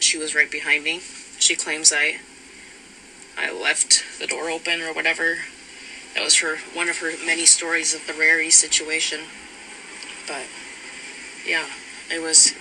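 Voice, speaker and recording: A man giving a rambling personal account, halting with frequent fillers and restarts, sometimes quoting heated exchanges. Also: fairly high pitch. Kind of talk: personal account of a past relationship. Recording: noticeable background noise.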